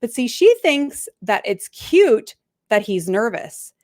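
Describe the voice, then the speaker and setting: A woman's voice: on the high side, slow pace, no room sound, clean studio sound. A middle-aged woman, a relationship coach, casually commenting on a reality show and lifting her voice to quote the people in it. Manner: chatty, animated, quotes people in lifted voices.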